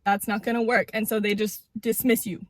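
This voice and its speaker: A woman's voice: mid-range voice, level tone, brisk, no echo. A woman giving casual relationship advice to camera, blunt and emphatic, swearing freely and repeating words for stress.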